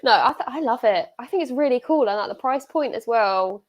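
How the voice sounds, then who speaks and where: A woman's voice: a little high, lively intonation, a little fast. A young British woman co-hosting a casual chat, enthusiastic and full of fillers. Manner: chatty, filler-heavy, enthusiastic. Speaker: co-host.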